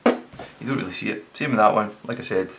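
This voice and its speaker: A man talking casually as he sketches, thinking aloud, correcting himself and sometimes dropping to a quiet mutter. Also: lowish voice, fairly quick, creaky, over loud music. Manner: relaxed, thinks aloud, self-correcting, drops to mutters while working. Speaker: designer sketching on camera. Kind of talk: casual commentary while sketching.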